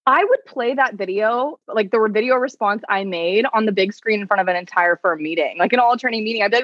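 Woman, podcast guest, animated storyteller, slightly dull recording, dry sound. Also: medium pitch, no room sound. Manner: fast, animated storytelling full of "like". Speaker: attorney and content creator, podcast guest. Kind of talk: casual podcast chat.

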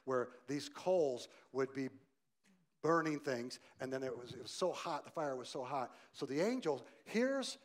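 The sermon comes from a male pastor whose mid-range voice has lively intonation and an unhurried pace. He moves between forceful volume and gentle quiet, directly questioning the people in the pews.

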